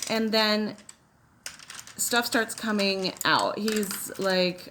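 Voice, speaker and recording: With a medium pitch, drawn-out words, and a sharp tone, a woman who is a beauty vlogger and mother talks casually during a makeup tutorial, weaving in a personal story and rambling with many "like"s and "you know"s.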